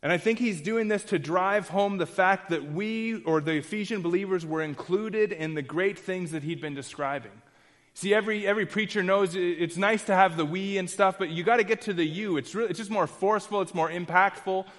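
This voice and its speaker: A man's voice: high-pitched, a little fast, in a large hall. A man preaching an expository sermon in an earnest, emphatic way, repeating key phrases and restarting often.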